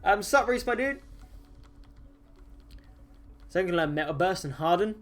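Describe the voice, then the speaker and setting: A man's voice: a little high, big pitch swings, takes it slowly, faint music behind. A man streaming a game live, chatting casually with viewers in silly, jokey banter and laughing often. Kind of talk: casual live-stream chat while gaming.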